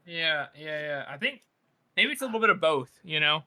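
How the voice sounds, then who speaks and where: A man co-hosting a casual podcast, chiming in with quick agreement and musing asides. His voice is very bright and lively, swinging up and down in pitch, and sits a little high. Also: no echo, clean studio sound. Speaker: podcast co-host. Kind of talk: casual chat.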